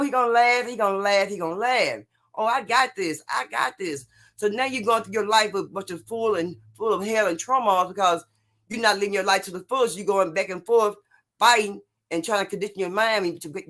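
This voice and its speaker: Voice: mid-range voice, fairly bright tone. Rambling live stream host, casual motivational talk. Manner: rambling and repetitive, constantly asking "you know what I'm saying"; answers viewer comments while talking. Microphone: streaming setup.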